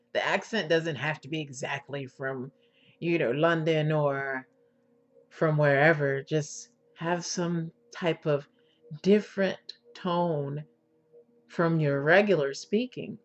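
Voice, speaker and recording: A woman giving an instructional talk as an intimacy coach, in a sultry, drawn-out manner, often checking in with "okay?" and using endearments. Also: low-pitched. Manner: endearments to the listener. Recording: dull lo-fi recording with faint music.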